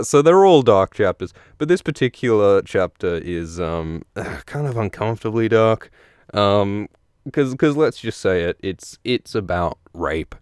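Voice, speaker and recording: A man's voice: fairly low pitch, clean tone, no room sound, clean studio sound. A man hosting a podcast in rambling casual chat, playful, repeating words and drifting into tangents. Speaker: podcast host.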